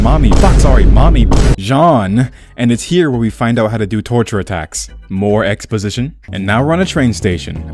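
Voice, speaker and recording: A young man hosting a comedic game retrospective, with a sarcastic, irreverent and profane manner. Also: on the low side. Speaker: video essay host.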